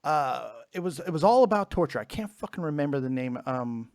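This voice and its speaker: A man hosting a casual podcast, ranting with lots of swearing in an animated way. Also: on the high side, brisk, no echo, studio quality. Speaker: podcast host. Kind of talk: casual chat.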